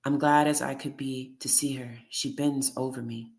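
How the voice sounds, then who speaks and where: A steady audiobook reader reading a first-person memoir. The voice stays flat and even, with very little rise or fall. Each line is measured and deliberate. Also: mid-range voice.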